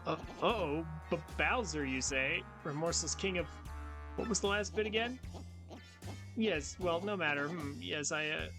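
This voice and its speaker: A man's voice: a little high, moderate pace, natural voice. A man voicing a pompous male penguin detective who stammers when caught out, with game music behind him.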